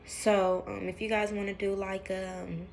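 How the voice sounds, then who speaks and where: A woman's voice: medium pitch, flat delivery, a little slow, vocal fry, a little mellow, a little hiss or hum. A young woman talking casually to camera in a vlog, chatty and rambling with lots of fillers, calling her viewers y'all. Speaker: vlogger.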